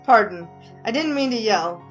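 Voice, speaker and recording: Brief: woman voicing a proper young Southern man from Alabama, drawling, formal, quick to get defensive; game voice, fairly high. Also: animated, faint music behind, natural voice. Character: polite young Southern man, proud and touchy. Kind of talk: reading a visual novel aloud.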